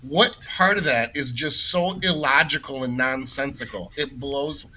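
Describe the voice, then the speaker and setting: A man with a very bright, forceful voice arguing his points on a podcast. He is emphatic and opinionated, and he leans into his words. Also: medium pitch, measured pace, a little hiss or hum, rough recording. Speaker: podcast co-host. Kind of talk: casual podcast chat.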